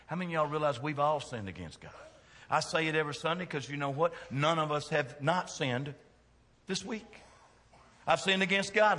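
A middle-aged man, preaching a sermon in a church with folksy jokes and big swings in loudness. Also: on the high side, expressive, normal speed, in a large hall. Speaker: pastor. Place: church sanctuary.

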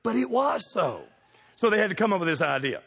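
A man's voice: high-pitched, brisk, creaky, husky. Man, middle-aged preacher, sermon, rising and falling, long church echo. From United States. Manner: animated, questioning the congregation.

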